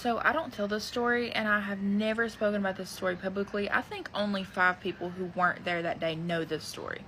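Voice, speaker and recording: A woman's voice: mid-range voice, fairly even intonation, a little fast, a bit bright, a little hiss or hum, rough recording. A woman in a confiding, earnest way telling a creepy story she has rarely shared, stretching words for emphasis. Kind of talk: confessional storytelling.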